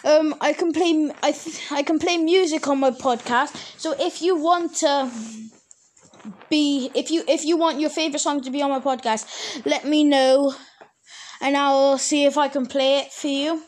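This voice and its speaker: A woman's voice: high voice, fairly even intonation, moderate pace. A woman hosting her own podcast, chatting casually and rambling, often stopping to correct herself. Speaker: podcast host. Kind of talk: casual solo podcast chat.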